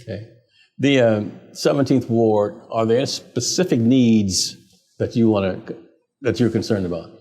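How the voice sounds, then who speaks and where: A man hosting a TV talk show, talking in a halting way with many fillers and restarts. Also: lowish voice, dark tone. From United States. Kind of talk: casual interview talk.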